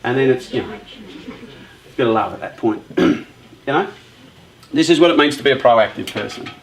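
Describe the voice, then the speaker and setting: A lively man leads a motivational workshop for young people, trading questions with the audience and telling stories with a chatty touch. His mid-pitched voice rings around a roomy, echoing space. He sounds easygoing and direct. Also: moderate pace, slight background noise. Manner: lively, chatty storyteller who talks with the audience. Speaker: youth workshop speaker.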